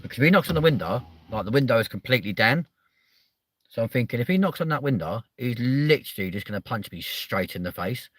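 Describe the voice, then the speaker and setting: A man hosting a casual, comedic chat show, swearing freely and bouncing excitedly from one story to the next. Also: medium pitch, quick pace, no room sound. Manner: sweary, excitable, jumps between stories. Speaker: show host.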